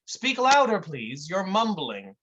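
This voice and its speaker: Smug self-help lecturer, patronizing and unhurried, played by the performer. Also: medium pitch, big pitch swings, a bit bright, husky, muffled recording, pitched above the performer's own voice, heavily acted. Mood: condescending. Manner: slow, condescending, lecturing. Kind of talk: comic performance piece.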